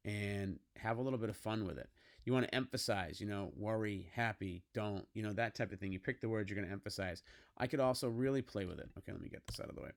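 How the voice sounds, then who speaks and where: An American man runs a typography class activity in a screen-recorded tutorial, working through an on-screen example. He talks casually and coaxingly, checking in often with "okay?" His voice is on the low side, quick-paced, with vocal fry.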